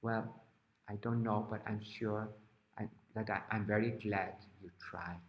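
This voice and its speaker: A man voicing a kind young girl who owns a pet pig, speaking gently and reassuringly. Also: lowish voice, fairly even intonation, a little slow, a little hiss or hum, pitched below the performer's own voice, close to an everyday voice. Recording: roomy hall reverb.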